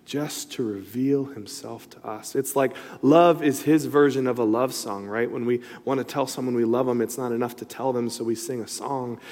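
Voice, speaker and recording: Recorded with long reverb in a big hall, a middle-aged pastor tells a personal story within his sermon, wandering into frequent asides in a relaxed, chatty manner. His voice is mid-range, steady and darkish, a little fast with hardly any pauses.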